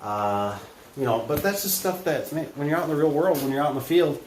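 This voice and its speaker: A man's voice: fairly high pitch, a little fast. A man with a Midwestern American accent, a garage door technician talking his way through a job in a casual, rambling vlog style full of fillers and self-corrections, soaked from the rain. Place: indoors in a shed, then outdoors in the rain. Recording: echoey space with faint ambient noise.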